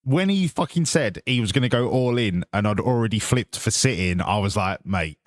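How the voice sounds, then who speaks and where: A man's voice: mid-range voice, very animated, normal speed, gravelly, few pauses, dry recording. An English man live-streams a football management game, ribbing his viewers and swearing freely as he chats. His voice sits in a middle range. The sound is dry and close, with no room around it. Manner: swearing, banter with chat. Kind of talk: casual live-stream chat.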